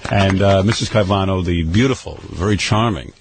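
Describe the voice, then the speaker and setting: A man's voice: low voice, normal speed, heavy background noise. A man hosting a radio show, ribbing a colleague in jokey banter. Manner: joking, ribbing. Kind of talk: teasing morning radio banter.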